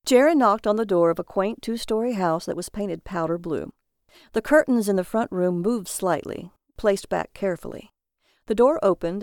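A woman narrating a story aloud in a steady, even read-aloud delivery. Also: medium pitch, dry recording, clean studio sound.

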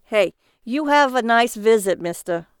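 A woman voicing a brash, talkative middle-aged male cab driver who needles his passenger in a loud, sing-song way. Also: on the high side, expressive, measured pace, clear, resonant tone, dry recording, studio quality. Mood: needling.

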